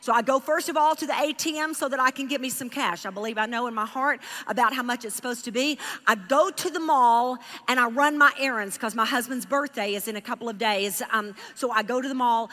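A woman from Texas telling a story in a sermon, animated and emotional, speaking straight to her audience. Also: on the high side, a little fast, hardly any pauses, big-room sound. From Houston, Texas. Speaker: Bible teacher.

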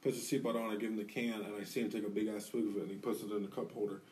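A man's voice: lowish voice, racing, distant mic. A man co-hosting a podcast, telling a rowdy story in a casual way. He swears a lot and acts out what people said. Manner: animated, profane, acts out quotes. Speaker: podcast co-host.

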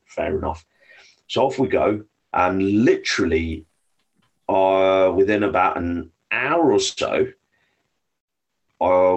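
A UK-born Englishman guesting on a podcast recounts hunting stories casually, peppering his lively anecdotes with plenty of swearing. He has a deep, slightly rough voice.

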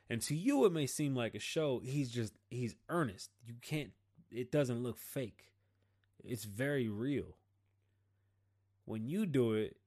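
A man's voice: medium pitch, a little mellow. A man hosting his own show, delivering a blunt, profane, slang-filled political rant in a casual style. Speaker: podcast host.

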